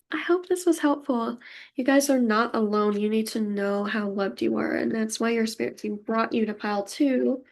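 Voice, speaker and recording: A woman giving a casual pick-a-card tarot reading, chatty and emotional, reassuring her viewers and laughing often. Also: fairly high pitch. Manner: warm, reassuring tone toward viewers.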